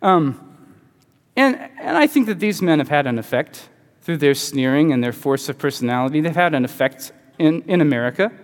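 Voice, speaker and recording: A man teaching a group in a relaxed, conversational lecture, often asking his listeners rhetorical questions. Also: fairly high pitch, moderate pace. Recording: long hall reverb.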